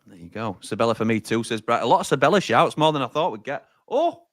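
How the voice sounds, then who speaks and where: A chatty man with a Sheffield accent hosts a live fan watch-along, reading out viewer comments and laughing often. His voice sits at an ordinary middle pitch. It is recorded dry and close to the mic. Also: lively intonation, fast talker, no echo.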